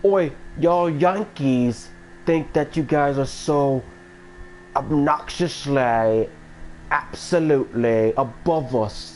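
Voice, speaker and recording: A man voicing an indignant British man with a put-on British accent, scolding in drawn-out words. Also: mid-range voice, darkish tone, a little hiss or hum, natural voice.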